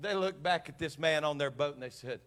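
Male pastor, fervent sermon delivery, high sharp voice that builds to shouting. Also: fairly quick. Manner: impassioned, swells to shouting.

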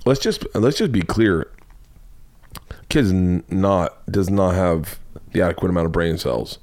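Speaking at a measured pace in a low voice, this middle-aged podcast host wanders through profane, rambling stories. It's a loose, comedic monologue told with animated flair.

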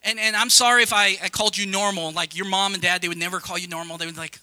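A young male pastor gives an animated sermon that is full of asides to the congregation. His voice sits very high for a man and sounds bright and sharp. The sound is close and dry. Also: no room sound. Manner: animated, conversational preaching with quick asides to the congregation.

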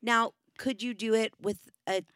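A woman's voice: a little high, fairly even intonation, measured pace, a bit bright, dry recording, studio quality. Frank, reassuring woman in casual chat. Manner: reassuring, frank, acts out dialogue. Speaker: podcast co-host.

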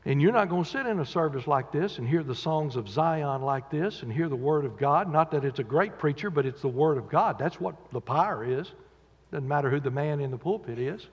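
A man preaching a sermon in a church, dramatically acting out quotes and swinging between loud and quiet. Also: fairly high pitch, lively intonation, a little fast, husky. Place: church sanctuary. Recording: dull echoey church recording with long reverb.

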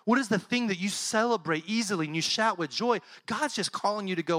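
A middle-aged male pastor preaches a little fast with hardly any pauses, animated and conversational, then drops to a soft, low voice for heartfelt points. The recording is dry.

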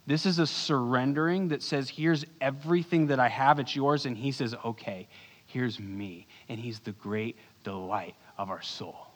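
Male pastor, mid-pitched, earnest sermon delivery, long hall reverb. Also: moderate pace. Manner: earnest, swings between urgent bursts and hushed low lines.

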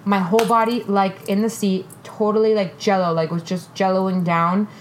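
A woman's voice: medium pitch, normal speed, slight background noise. A young woman hosting a podcast, telling a dating story in casual chat, candid and profane, quoting people as she goes. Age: young adult. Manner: candid, profane, animated retelling with quoted voices. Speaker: podcast host.

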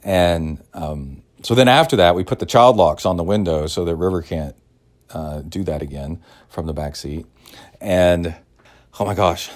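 A man from Texas talks alone into the mic for his podcast, his voice sitting very low. He wanders from one detail to the next, casual and chatty, padding it all with "like" and "uh". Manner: chatty and digressive, full of "like" and "uh". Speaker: podcast host and triathlon coach. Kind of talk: casual solo storytelling.

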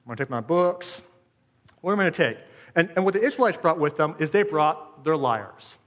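A man delivers a sermon to his congregation, his voice pitched a touch high. He leans on rhetorical questions and repeated phrases to drive each point home. The sound rings with a long reverb, as in a church hall. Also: expressive, a little fast. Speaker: pastor.

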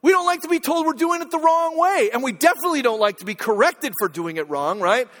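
Brief: middle-aged man preaching, chatty and story-driven, high voice, long church-hall reverb. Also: expressive, fast, fairly bright tone. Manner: conversational storytelling, checks in with listeners. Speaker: pastor. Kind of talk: sermon.

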